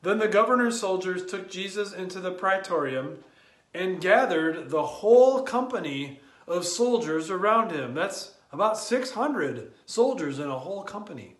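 A man giving a spoken daily devotion, talking in a slow, deliberate and reflective way. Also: sits high, animated, reverberant. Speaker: devotional speaker.

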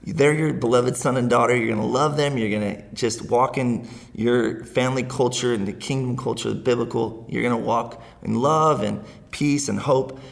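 A middle-aged man talks earnestly in a relaxed interview, with a gravelly, creaky edge to his voice. He rambles a little and sometimes laughs through his words. His pitch sits at an ordinary, middling level. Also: moderate pace, few pauses. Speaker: guest. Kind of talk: casual interview conversation.

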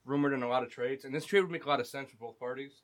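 A man co-hosting a casual group podcast, brash and quick to swear. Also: mid-range voice. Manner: brash, swearing, loud bursts. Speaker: podcast co-host.

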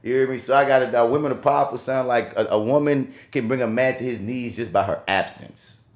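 A man co-hosting a podcast, talking in a casual, animated and profane way, acting out quotes as he tells stories. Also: medium pitch, fairly quick, roomy sound. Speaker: podcast co-host.

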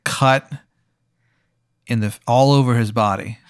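A young man running a comic tabletop game as game master, deadpan and laughing at his own bits. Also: mid-range voice, takes it slowly, clear, resonant tone, no echo, clean studio sound. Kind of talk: improvised comic tabletop narration.

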